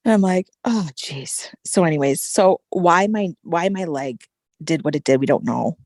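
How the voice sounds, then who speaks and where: A woman with a low, gravelly voice tells a personal story as a podcast guest. She is animated and peppers her talk with "like" and "right?". The sound is dry and close. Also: normal speed, no room sound. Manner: animated, frequent "like" and "right?" fillers.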